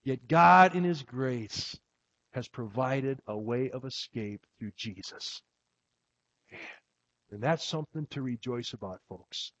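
Slow, emphatic preacher man. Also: medium pitch, animated, a bit bright, dry recording. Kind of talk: sermon. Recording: dull lo-fi recording.

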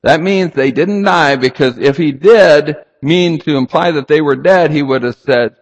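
A man's voice: fairly high pitch, normal speed. A man preaching a sermon, emphatic and rhetorical, reading scripture aloud and asking the congregation questions. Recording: long hall reverb.

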